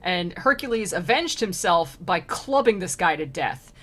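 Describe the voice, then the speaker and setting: A woman's voice: on the low side, animated, unhurried, fairly bright tone. A woman streamer reading an old poem aloud and retelling it in casual slang, laughing often.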